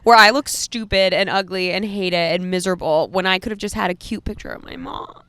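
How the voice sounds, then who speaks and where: A woman in her thirties co-hosts a podcast in a loose, chatty way, laughing easily. Her voice is smooth and clear. It is recorded close and dry. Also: lowish voice, fairly quick, a bit bright, dry recording. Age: 30s. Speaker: podcast co-host. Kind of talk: casual chat.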